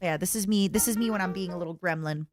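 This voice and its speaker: A woman streamer chatting casually and reacting to clips, excitable and playful, squealing over cute things. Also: lowish voice, fast, faint music behind.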